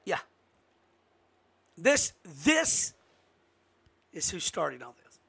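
A man giving an impassioned political monologue as host, emphatic and given to sudden loud outbursts. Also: high voice, wildly swooping pitch, drawn-out words, vocal fry, slightly rough.

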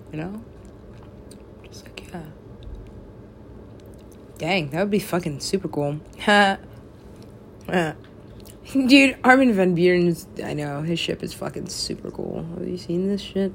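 A woman's voice: fairly low pitch, takes it slowly, creaky, pauses often, slight background noise. A young woman in casual chat with friends, rambling, laughing often and swearing freely.

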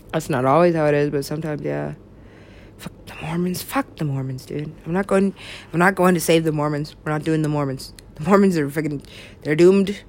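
A woman's voice: low-pitched, darkish tone, a little hiss or hum. A woman talking in a meandering, giggly way, swearing freely and trailing off into mumbles. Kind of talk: rambling casual talk.

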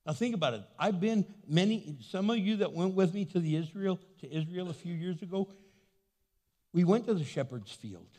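A man preaching a sermon as pastor, animated and acting out the voices of people he quotes. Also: high-pitched, moderate pace. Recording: long hall reverb.

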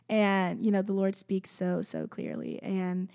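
A young woman, a student, talking casually and earnestly to the camera about her feelings and faith, full of "like" fillers and dipping into soft whispers. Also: mid-range voice, wildly swooping pitch, unhurried, creaky. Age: young adult. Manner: rambling, constant "like" fillers, drops into soft whispers. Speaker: student sharing a faith journey. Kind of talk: casual heartfelt talk to camera. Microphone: own microphone, close.

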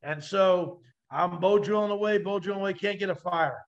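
A man guesting on a podcast, telling animated stories with vivid, salty language and acting out the voices of others. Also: high voice, moderate pace, dull audio. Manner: vivid, acts out quoted voices, swears freely. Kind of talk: animated storytelling.

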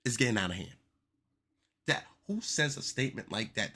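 Animated young man hosting a podcast. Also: mid-range voice, normal speed, creaky, pauses often. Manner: animated, exaggerated, joking. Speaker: podcast host. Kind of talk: casual commentary podcast.

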